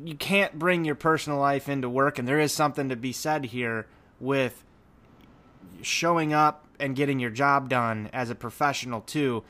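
A man's voice: medium pitch, fairly bright tone. A man co-hosting a casual sports podcast, talking in long rambling runs with many fillers and restarts. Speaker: podcast co-host.

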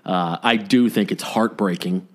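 An American man with a low voice and slightly slow pace co-hosts a casual podcast chat. He rambles hesitantly, full of fillers and restarts.

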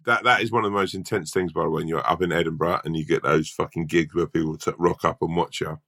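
A hungover male stand-up comedian from Britain, telling a sweary, animated anecdote in casual chat. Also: very deep voice, fast.

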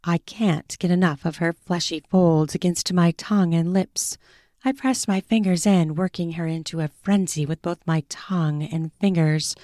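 A woman author reading her own first-person erotic story in a slow, intimate, deliberate way. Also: lowish voice, steady tone, mellow, dry recording, clean studio sound.

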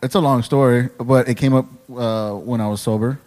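A man's voice: medium pitch, fairly even intonation, moderate pace, a little mellow. A man hosting a podcast, chatting in a laid-back way with short, casual replies. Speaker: podcast host. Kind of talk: casual chat.

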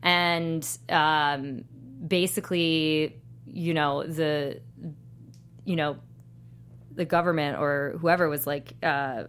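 Animated woman chatting casually. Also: deep voice, slow, pauses often, smooth. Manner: animated, filler-heavy, laughing while talking. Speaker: podcast co-host. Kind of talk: casual chat.

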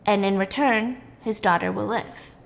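A young woman retelling a story in a casual, chatty, animated way. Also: medium pitch, moderate pace, vocal fry, in a large hall, music in the background. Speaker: storyteller host.

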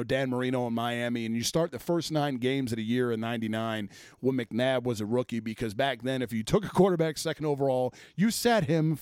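A man's voice: mid-range voice, a little mellow, clear, resonant tone, no room sound, clean studio sound. A man hosting a sports podcast, ranting casually with plenty of swearing and exasperated asides. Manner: profane, exasperated, rambling.

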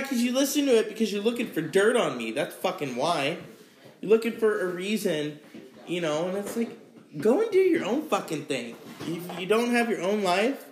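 A man's voice: high-pitched, reverberant. A man hosting a casual solo podcast, rambling and swearing freely between sighs, with a sore throat. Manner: rambling, profane, sighing between sips. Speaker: podcast host.

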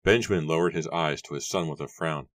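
Very deep-voiced male audiobook narrator. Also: brisk, dry recording.

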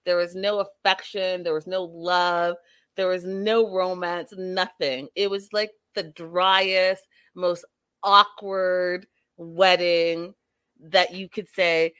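A woman's voice: lowish voice, fairly even intonation, slow pace, a bit bright, no echo. A woman commenting on a reality show in a sassy, exasperated way, repeating herself for emphasis while reading viewer chat.

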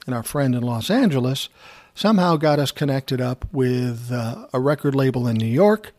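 A man's voice: medium pitch, animated, normal speed, darkish tone. A man who once managed a music artist, telling a personal story in a casual, blunt, conversational way. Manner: conversational, blunt, swears freely.

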